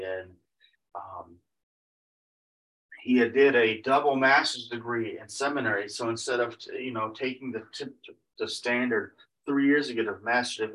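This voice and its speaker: A man's voice: on the low side, fairly bright tone. A man preaching, retelling another man's story in a rambling way, with many repeated "he said" tags and restarts. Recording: voice picked up from a distance.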